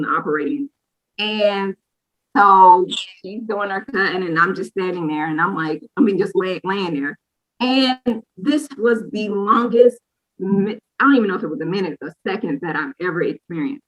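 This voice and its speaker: A woman's voice: on the low side, fairly bright tone, dull audio. A woman in her thirties, a podcast co-host, candidly telling a personal story in a rambling, casual way with frequent asides. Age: 30s.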